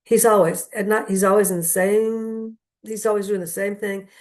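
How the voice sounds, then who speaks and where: A woman's voice: mid-range voice, level tone, moderate pace, darkish tone. An older woman comedian telling a rambling, wry story full of asides. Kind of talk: stand-up storytelling.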